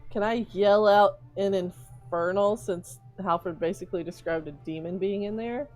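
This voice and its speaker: Woman, tabletop player, mid-pitched, chatty, joking, faint music behind. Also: normal speed, a little mellow. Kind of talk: casual game chat.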